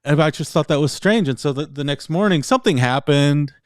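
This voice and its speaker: A man's voice: on the high side, lively intonation, brisk, no echo. Rambling laid-back male storyteller, dry sound. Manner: rambling storyteller, laughs often, mimics voices. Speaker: podcast co-host. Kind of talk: casual chat.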